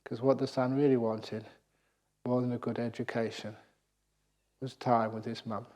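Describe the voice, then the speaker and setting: A man giving a Buddhist dharma talk at a meditation retreat, telling stories in a lively way and chuckling at his own jokes. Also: mid-range voice, moderate pace. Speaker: Buddhist monk teacher.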